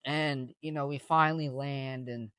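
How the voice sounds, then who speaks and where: A man's voice: mid-range voice, fairly even intonation, unhurried, sharp tone, smooth, dry recording. A young man casually telling a story, rambling with lots of fillers and restarts. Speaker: vlogger.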